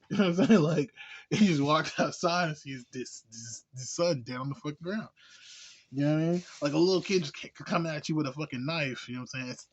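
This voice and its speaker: A man's voice: mid-range voice, breathy edge. A man giving a casual movie review, laid-back and slangy, rambling with lots of fillers and laughs. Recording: dull lo-fi recording.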